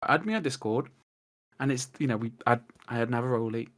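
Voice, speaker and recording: An English man of average pitch talks on a podcast, piling story onto story with excited restarts. He swears freely and laughs at himself. His voice comes through a cheap microphone over a video call. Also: brisk. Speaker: podcast guest. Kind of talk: casual chat. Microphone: cheap desktop mic on a video call.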